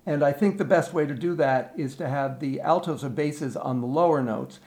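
A man leading a choir rehearsal from a recording, explaining breathing and diction slowly and singing short phrases to show them. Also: on the high side, darkish tone. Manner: slow, deliberate, breaks off to sing the phrases. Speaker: choir director. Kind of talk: spoken choir rehearsal instructions with sung demonstrations.

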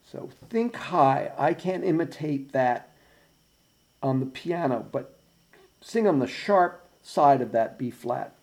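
Gravelly man coaching a choir. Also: mid-range voice, expressive, slow pace, a little mellow. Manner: precise, patient, counts in beats. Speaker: choir director. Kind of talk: choir rehearsal instruction. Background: piano playing.

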